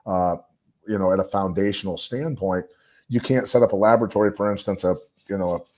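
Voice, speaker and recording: A man's voice: low-pitched, a little fast, a little mellow. A man talking as a podcast guest, rambling and emphatic, with lots of fillers. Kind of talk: casual podcast discussion.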